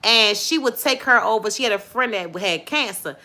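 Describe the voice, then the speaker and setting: A middle-aged woman hosting a casual live stream, lively and preachy, praising God between her chatter. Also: on the high side, moderate pace. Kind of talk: casual chat with viewers and callers.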